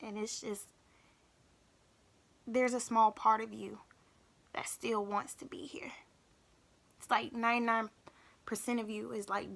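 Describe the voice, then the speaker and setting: A young woman talking openly in a personal vlog, halting and emotional, often repeating herself. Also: fairly high pitch, flat delivery, gravelly, a bit bright. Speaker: vlogger.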